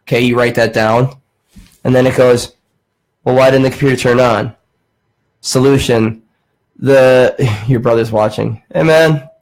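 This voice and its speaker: A man's voice: medium pitch, measured pace, pauses often, low-quality recording. Casual young man telling a work story. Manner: animated, acts out quoted voices, swears casually. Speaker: podcast host.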